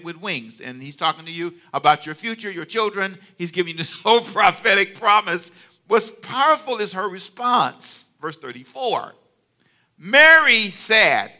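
A male pastor delivers a lively sermon, coaxing the congregation to repeat after him and joking along the way. His voice sits high for a man and rings out very bright and forceful. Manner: animated call-and-response, with playful asides.

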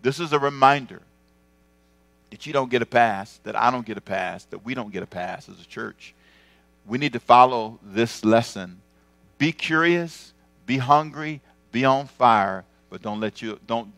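A man preaching a sermon as pastor, animated, swinging from loud exclamations to quiet asides. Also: medium pitch.

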